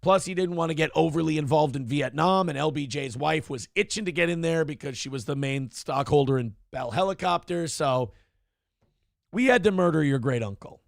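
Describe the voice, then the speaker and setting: A man's voice: a little high, normal speed, gravelly, dry recording, clean studio sound. A man voicing a blunt, unapologetic male CIA agent who talks in a crude, matter-of-fact way.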